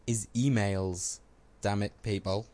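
A man's voice: fairly low pitch, steady tone, slow, darkish tone. A man co-hosting a podcast in casual chat, joking and self-mocking. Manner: joking, self-mocking, puts on funny voices. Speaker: podcast co-host.

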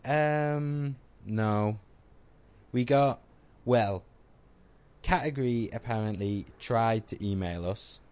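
A man's voice: lowish voice, a little mellow. A man co-hosting a podcast in casual chat, joking and self-mocking. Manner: joking, self-mocking, puts on funny voices. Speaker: podcast co-host.

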